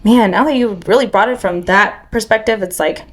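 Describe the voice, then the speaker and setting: A woman's voice: mid-range voice, brisk. Woman, podcast co-host, agreeable, casual chat.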